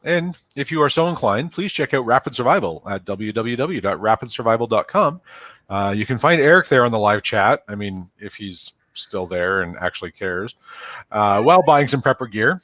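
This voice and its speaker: A man's voice: medium pitch, animated, normal speed, a bit bright, dry recording. Canadian man co-hosting a podcast. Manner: chatty, laughs easily, restarts phrases. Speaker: podcast co-host. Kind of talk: casual podcast chat.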